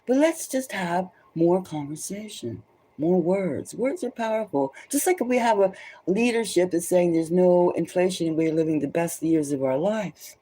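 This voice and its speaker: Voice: mid-range voice, animated, normal speed, mellow. A tarot reader giving rambling spoken commentary, emphatic and loose, often repeating phrases for stress. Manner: loose and conversational, many restarts.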